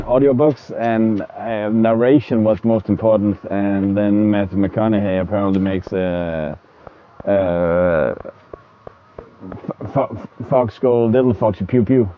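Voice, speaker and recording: A man's voice: on the low side, slow, a little hiss or hum. Rambling, stammering male streamer. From from a country that uses military time. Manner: rambling, stammers and repeats words, laughs often. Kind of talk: casual livestream chat to viewers while gaming. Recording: dull, lo-fi stream audio.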